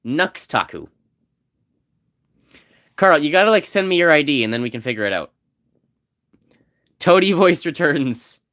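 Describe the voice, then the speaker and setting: A man's voice: fairly high pitch, lively intonation, measured pace, long pauses, a bit bright. A man streaming a game, chatting casually and joking with his viewers in a rambling way. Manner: rambling, joking, talks to chat. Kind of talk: casual gameplay chat.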